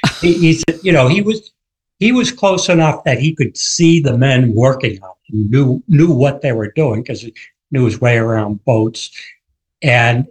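Male author guest, mid-pitched, animated storyteller on a radio interview. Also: normal speed, slightly rough, rough recording. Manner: vivid storyteller, acts out quoted shouts.

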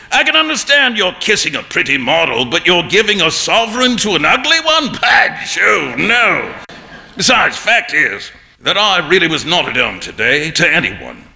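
Male reader doing a jovial, booming painter; bright, lively, teasing. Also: creaky, heavily acted. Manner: loud, laughing, teasing. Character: boisterous jovial man-about-town painter.

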